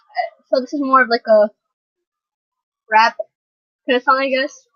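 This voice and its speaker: A young woman reacting to a music video, gushing with excited exclamations as she watches. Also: high voice, measured pace, dry recording, dull audio. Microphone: computer mic.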